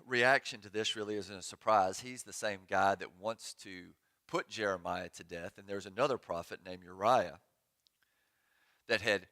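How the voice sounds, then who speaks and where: A man's voice: fairly low pitch, moderate pace, pushed and bright. A man giving a sermon as pastor in a church sanctuary, conversational and joking, with sarcastic asides.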